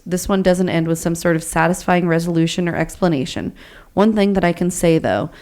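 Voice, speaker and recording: A woman's voice: fairly low pitch, darkish tone. A woman podcast host reading a listener's true ghost story aloud, with chatty asides to her co-hosts. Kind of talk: story reading and casual chat.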